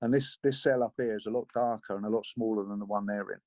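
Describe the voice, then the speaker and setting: A man talking as a guest in an interview, telling his story in a measured, sober way. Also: fairly low pitch, steady tone, darkish tone, dry recording. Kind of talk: interview conversation. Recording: dull lo-fi sound.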